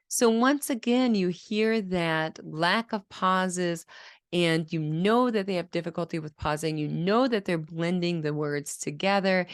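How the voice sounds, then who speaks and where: A woman speech-language pathologist explaining children's speech patterns in a clear, teaching manner and acting out sounds as examples. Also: sits low, no room sound, clean studio sound. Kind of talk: teaching video lesson.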